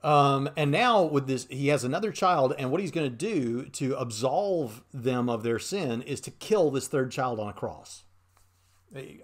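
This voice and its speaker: A man hosting casual commentary on a clip he has just played. He argues earnestly and thinks aloud in a steady mid-range voice. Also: mid-range voice. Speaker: host.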